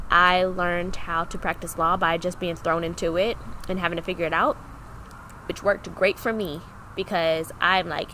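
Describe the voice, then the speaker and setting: A woman's voice: lowish voice, normal speed, a little hiss or hum, poor audio. A woman in her twenties, a podcast co-host, telling a candid personal story and acting out remembered dialogue. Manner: animated, acts out remembered dialogue.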